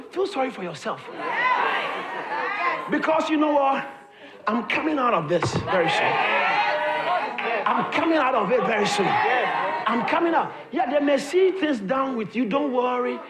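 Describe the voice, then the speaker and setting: A man preaching a sermon, repeating his lines emphatically, building to shouts, and calling on the congregation to answer. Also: very high voice. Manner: calls on the congregation to respond. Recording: echoey room with crowd audible. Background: congregation responding.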